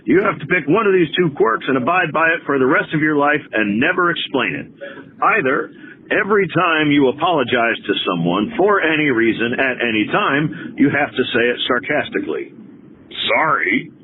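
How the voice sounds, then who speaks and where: A man's voice: on the high side, expressive, a little fast. A man calling in with an upbeat, playful voicemail question. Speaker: voicemail caller. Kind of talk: recorded voicemail. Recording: tinny phone line with faint hiss.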